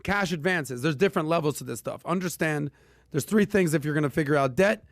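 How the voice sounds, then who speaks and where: A man hosting a casual personal finance podcast, talking with punchy emphasis and lively asides. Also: a little high, brisk, dry recording, studio quality. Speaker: podcast host.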